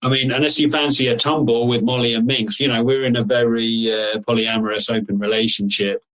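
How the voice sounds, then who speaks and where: A man's voice: medium pitch, little pitch movement, brisk, fairly bright tone, natural voice, poor audio. A man doing a crude one-eyed alpha wolf with a West Country accent. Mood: leering. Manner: swearing, brash, suspicious. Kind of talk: improvised tabletop role-play.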